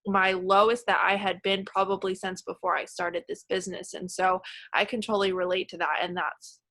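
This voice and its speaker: A woman hosting a casual supportive group video call, talking warmly and emotionally with lots of fillers. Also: on the low side, flat delivery, a little fast, dry recording. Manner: gushing, filler-heavy, emotional.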